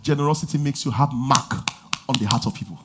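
A man preaching a lively sermon, shouting call-and-response lines and laughing between stories. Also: medium pitch, quick pace, noisy background. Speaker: pastor.

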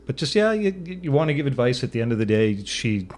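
A man's voice: medium pitch, sing-song, quick pace, a little mellow. A middle-aged man co-hosting a studio sports talk show, telling stories in a rambling way with many fillers and restarts. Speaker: sports show co-host and father of a university athlete. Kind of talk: casual sports talk chat. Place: radio studio.

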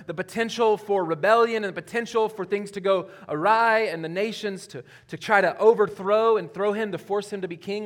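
A man preaching a sermon in a conversational way, his voice rising on questions and dropping low on key points. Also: a bit bright. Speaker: pastor.

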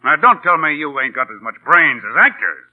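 A man's voice: a little high, very animated, a little fast, phone-quality sound. An actor playing a brash, streetwise male gang boss in 1930s radio acting, talking in tough slang. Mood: bossy. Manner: tough big-city slang, bossy. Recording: scratchy 1930s radio broadcast.

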